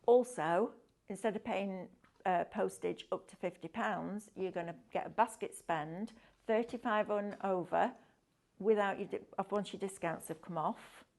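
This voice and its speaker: In an unhurried mid-range voice with some vocal fry and a slight mellowness, a woman presents craft products on a shopping show. She's cheerful and chatty, demonstrating items live and asking tag questions.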